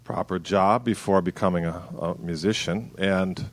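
A man's voice: deep voice, fairly even intonation, normal speed, no room sound. A middle-aged man from Milwaukee, a band member guest telling understated stories in casual chat. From Milwaukee, Wisconsin.

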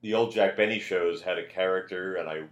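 Older man, very low voice, animated storyteller, echoey podcast room. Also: fairly quick, highs cut off. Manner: animated storyteller, shouts quoted lines. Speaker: comedian guest. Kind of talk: casual anecdote telling.

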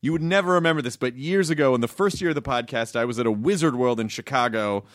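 A man's voice: medium pitch, quick pace, no echo, clean studio sound. A man hosting a podcast, teasing his guest in casual chat. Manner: playful, teasing interviewer. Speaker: podcast host.

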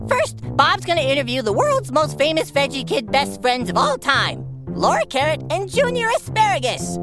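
Over music, a voice actor plays a goofy, cheerful male cucumber co-hosting a cartoon podcast, his high voice swinging hugely in pitch at a normal speed. He's playful, jokey, teasing, and giggly.

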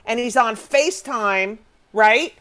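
A high-pitched middle-aged woman trading stories in a casual chat. She talks in a brash, profane way and keeps slipping into voices for the people she describes. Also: slow, fairly bright tone. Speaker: comedian guest.

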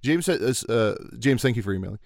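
A man's voice: mid-range voice, a little fast, creaky, dry recording, studio quality. A man hosting a casual comedy podcast, reading a listener's email aloud and joking about it. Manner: animated, reads listener email aloud with jokey asides. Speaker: podcast host.

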